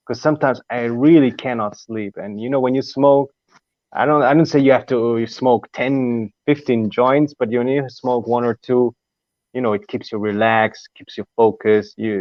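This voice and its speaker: A man's voice: mid-range voice, no echo, lo-fi sound. A man appearing as a guest musician in a casual radio interview, easygoing, swearing freely and laughing often.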